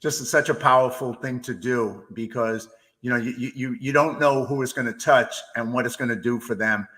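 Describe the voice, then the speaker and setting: A man's voice: mid-range voice, normal speed, a bit bright. A man hosting a podcast, affirming his guest with many stammered restarts. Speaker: podcast host. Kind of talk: casual interview chat.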